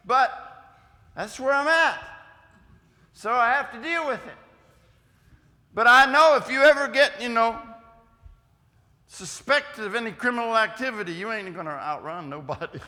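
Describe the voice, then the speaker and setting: A man's voice: high-pitched, normal speed. Folksy older man teaching in a hall. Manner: folksy, teasing, animated asides to the audience. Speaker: youth speaker. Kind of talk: lively classroom lesson. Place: church hall. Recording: long reverb of a hall.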